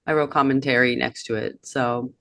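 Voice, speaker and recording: Bright-voiced woman co-hosting a podcast. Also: extremely low pitch, fairly even intonation, moderate pace, creaky, dry recording, clean studio sound. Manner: reflective, reads off old notes, many fillers. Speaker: podcast co-host. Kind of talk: casual chat.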